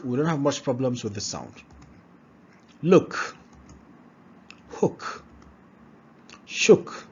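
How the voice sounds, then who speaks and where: Slow, husky man drilling vowel sounds. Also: on the high side, highs cut off. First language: not English. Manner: slow, repeats each word several times with checks like "all right?". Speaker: pronunciation teacher. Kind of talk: pronunciation lesson, drilling words aloud.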